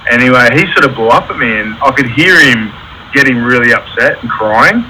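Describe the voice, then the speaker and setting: A man's voice: mid-range voice, expressive, a little fast, background noise. A man, an electrical contractor telling candid stories about running his business in a casual interview. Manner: candid, storytelling with reenacted quotes.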